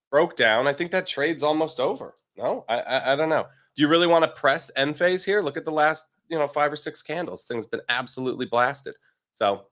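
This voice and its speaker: A man appearing as a guest trader on a markets show, blunt and measured. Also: a little high, fairly bright tone. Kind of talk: casual chat.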